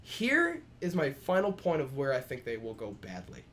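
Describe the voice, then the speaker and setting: A man co-hosting a casual gaming podcast, telling stories in an animated way with a lot of swearing. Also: mid-range voice, moderate pace. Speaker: podcast co-host.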